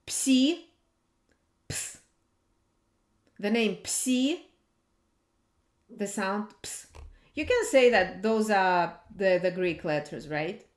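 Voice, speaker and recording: Very slow-speaking woman teaching pronunciation. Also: medium pitch, expressive. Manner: patient, repeats sounds slowly to demonstrate. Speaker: language teacher. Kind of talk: slow alphabet lesson. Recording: echoey room.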